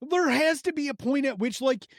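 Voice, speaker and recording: A man's voice: very high-pitched, a little fast, no echo, clean studio sound. A man hosting a podcast, telling a story with enthusiasm and lots of swearing. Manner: enthusiastic, profane, animated storytelling. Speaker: podcast host. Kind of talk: casual chat.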